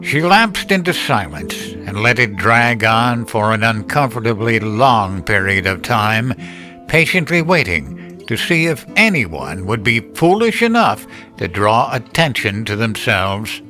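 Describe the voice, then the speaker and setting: Slow, measured male horror narrator. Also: lowish voice, sing-song, pushed and bright. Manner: measured, deliberate storytelling. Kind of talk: scripted horror story narration. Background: music.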